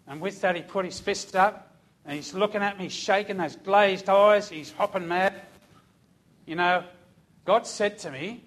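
A man's voice: high voice, normal speed, fairly bright tone. A man, a former police officer turned preacher, telling a vivid, emotional testimony in a sermon. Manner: vivid storyteller, voice rising and falling with emotion.

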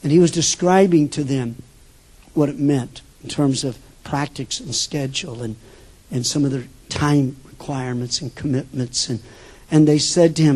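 An older man preaches a sermon as a pastor, telling stories that shift suddenly between loud bursts and hushed asides. His voice is mid-range and his pace normal.

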